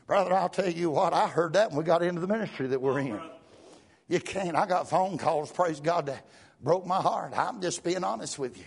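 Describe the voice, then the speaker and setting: A man preaches a fervent sermon in a rhythmic flow full of "uh" and "praise God," sometimes rising to shouts. His voice sits high and sounds husky with vocal fry, and he moves briskly.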